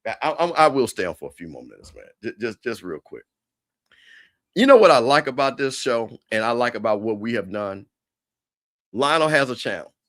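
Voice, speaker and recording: A man hosting a casual livestream, trash-talking in an animated way with stammered restarts. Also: mid-range voice. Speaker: show host.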